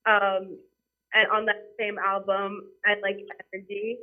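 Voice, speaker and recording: A woman's voice: medium pitch, level tone, a little slow. Young woman on a tinny phone line. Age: 20s. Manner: casual, giggly, heavy use of "like". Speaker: caller. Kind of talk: casual phone interview.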